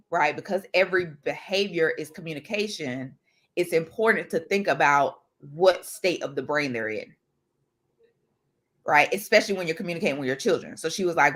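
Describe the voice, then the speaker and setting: A woman's voice: low-pitched, animated, moderate pace, a bit bright. A mother on a casual group call, animatedly retelling a lesson, acting out quotes and checking in with "right?" as she goes. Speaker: accountability group member sharing a lesson. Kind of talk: casual video-call chat.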